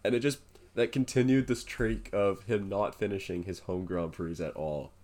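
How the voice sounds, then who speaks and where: Male co-host, lowish voice, animated and jokey storyteller. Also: moderate pace. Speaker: podcast co-host. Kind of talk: casual chat, storytelling.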